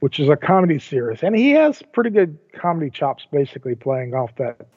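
A man's voice: fairly high pitch, very animated, fairly quick, a little mellow, slightly rough, no room sound. Older man rambling over a tinny line. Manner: rambling, frequent restarts and repeated words. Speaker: podcast co-host. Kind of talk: casual podcast chat. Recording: tinny phone-like line, dry.

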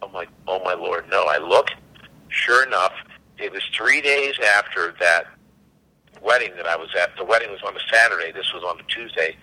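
A man, a company CEO and podcast guest, telling animated anecdotes and acting out the dialogue. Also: low-pitched, normal speed, poor audio. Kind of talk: casual storytelling.

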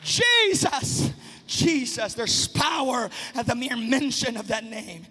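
A man preaching a sermon as pastor, swinging between sing-song shouts and sudden soft, quiet asides. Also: very high voice, measured pace, breathy edge. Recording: long reverb of a large hall.

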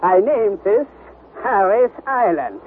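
A stubborn, imperious old professor. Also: male voice, high voice, big pitch swings, slow pace, exaggerated voice. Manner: brusque, dismissive, commanding. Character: stubborn, imperious older male professor, the uncle. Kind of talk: 1960s radio drama acting. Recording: tinny, hissy old radio broadcast.

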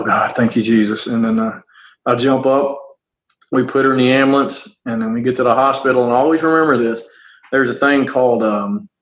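A middle-aged police officer tells a personal story in a halting, earnest way, often repeating words and starting over. His voice is medium-pitched with a fairly bright tone, and the audio quality is poor.

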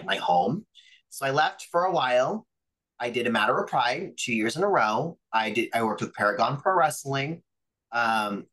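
Bright-voiced man telling wrestling stories. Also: medium pitch, low-quality recording. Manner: chatty, lots of fillers and quoted dialogue. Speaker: professional wrestler guest. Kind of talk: casual storytelling interview.

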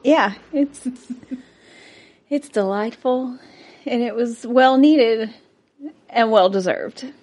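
A woman's voice: a little high, drawn-out words, long pauses, darkish tone. A young woman with a Southern US accent co-hosting a podcast, bubbly and enthusiastic, laughing often. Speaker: podcast co-host. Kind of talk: casual chat.

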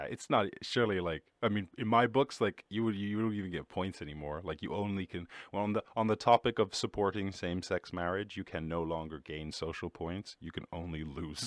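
Recorded with studio quality and no room sound, a young man from Ireland speaks in a low voice while hosting a solo podcast. His casual chat rambles, he swears and pokes fun at himself, and he shifts swiftly into mock voices.

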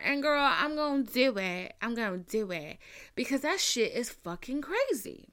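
A woman's voice: on the high side, moderate pace. Profane, fired-up young woman host. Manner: blunt, profane, animated retelling with mimicked quotes. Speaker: podcast host. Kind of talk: casual storytelling rant.

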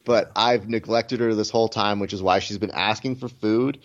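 Sarcastic podcast host, a bit dull sound. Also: male voice, fairly low pitch, fairly even intonation, normal speed. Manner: sarcastic, joking, rambling asides. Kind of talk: casual chat.

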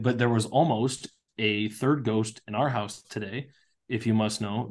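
A man in his thirties, a podcast co-host, chatting casually and telling animated stories with casual swearing. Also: fairly low pitch.

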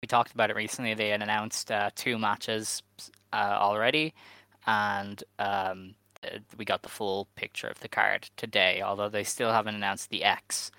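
A man co-hosting a casual podcast, walking through the news in a steady, methodical way with "um" fillers. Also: fairly low pitch, moderate pace, gravelly, smooth, dry recording. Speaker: podcast co-host.

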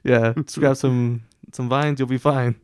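A laid-back young man co-hosts a casual movie review chat, laughing often and keeping his replies short. His voice is smooth and clear at a medium pitch. The sound is dry and close. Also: steady tone, measured pace, no room sound. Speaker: podcast co-host.

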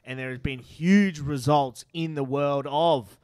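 A man's voice: fairly high pitch, unhurried, a little mellow, clean tone, no echo. An Australian man hosting a rugby talk show, upbeat and teasing, laughing often. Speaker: host. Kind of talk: casual sports podcast chat.

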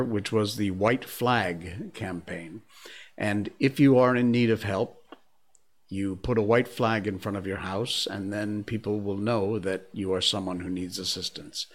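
Chatty joking man hosting a show. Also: lowish voice. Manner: chatty, joking, rambling asides. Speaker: show host. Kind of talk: casual monologue to viewers.

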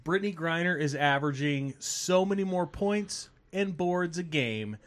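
A man's voice: on the high side, lively intonation, moderate pace. A man co-hosting a podcast, telling stories in a sarcastic, joking way. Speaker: podcast co-host. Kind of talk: casual chat.

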